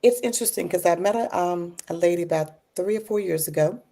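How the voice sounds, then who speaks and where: A woman's voice: on the low side, fairly quick, mellow. A woman who is an author and educator, telling reflective personal stories in an interview and coming alive when she retells conversations.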